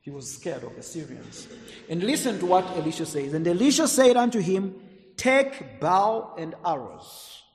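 A man's voice: high voice, big pitch swings, brisk. Preacher man in an echoing hall. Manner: dramatic swings between loud emphasis and quiet asides. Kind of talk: sermon. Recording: echoey hall, long reverb.

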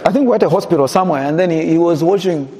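A man's voice: on the high side, rapid-fire, mellow. A man preaching a sermon as pastor, building to emphatic calls to the congregation. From Zambia. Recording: long hall reverb.

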